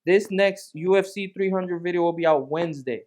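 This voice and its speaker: Male co-host, high voice, casual and excitable, loops back on his points. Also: brisk. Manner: animated, repeats himself, laughs often. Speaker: podcast co-host. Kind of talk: casual fight analysis chat.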